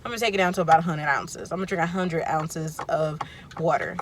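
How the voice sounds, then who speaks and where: A woman's voice: sits low, fast talker, background noise. A woman vlogging casually to her viewers, talking candidly in a rambling way and correcting herself as she goes. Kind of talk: casual vlog chat to camera.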